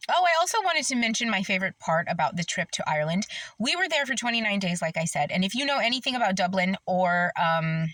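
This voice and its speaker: A woman's voice: mid-range voice, big pitch swings, fast, a bit bright, dry recording, rough recording. A woman from Las Vegas talking to camera in an earnest, emphatic, chatty way. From Las Vegas, Nevada, USA. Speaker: vlogger. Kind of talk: casual talk to camera.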